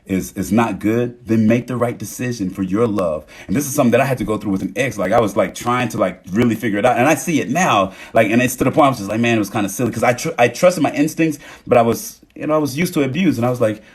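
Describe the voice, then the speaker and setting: A young man with a husky voice giving a rambling, emphatic live-stream monologue on relationships, often acting out what other people say. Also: mid-range voice, fast talker, hardly any pauses. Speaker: TikTok live host.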